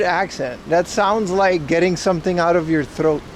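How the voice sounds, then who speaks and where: Man, IRL streamer, slightly high voice, joking chatter to viewers, faint street noise. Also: normal speed, few pauses. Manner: chatty, joking, talks to chat. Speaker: livestreamer. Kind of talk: casual IRL stream chat. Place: outdoors on a street.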